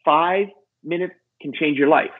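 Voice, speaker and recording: A man's voice: a little slow, breathy edge. A middle-aged man telling a story as a podcast guest, acting out the voices of the people in it. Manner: acts out quoted voices, lively pitch jumps. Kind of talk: animated storytelling. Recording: tinny phone-like line.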